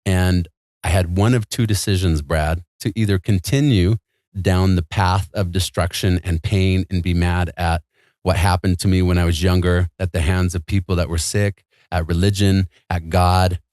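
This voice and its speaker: Guy with a really low voice telling his story, earnest and emphatic, lots of "like", dry close sound. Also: fairly even intonation, moderate pace, a little mellow, no echo. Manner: earnest, emphatic, fillers like "like" and "man". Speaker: interview guest. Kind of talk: casual personal storytelling.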